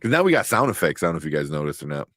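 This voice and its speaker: A man in his thirties, co-hosting a casual chat show, telling lively stories, swearing casually and laughing often. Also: a bass voice, racing, no room sound, studio quality. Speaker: co-host.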